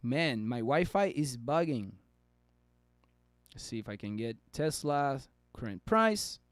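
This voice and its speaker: A man's voice: medium pitch, animated, slow, dry recording. A man giving casual live stock analysis, chatty and bantering with his chat on a close mic. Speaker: stock market streamer.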